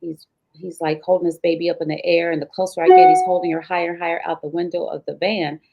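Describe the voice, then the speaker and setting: A woman with a low, gravelly voice recounts her own hard story as an interview guest. She tells it vividly, slipping into the voices of the people involved. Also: level tone, quick pace, muffled recording. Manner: vivid retelling, acting out dialogue. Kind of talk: emotional personal storytelling.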